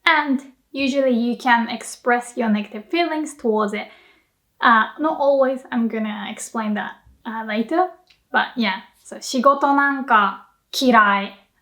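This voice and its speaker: A woman's voice: a little high, measured pace, fairly bright tone. Playful woman teaching a casual lesson. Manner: playful, laughs often while explaining; switches into acted emotional example lines. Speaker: language teacher.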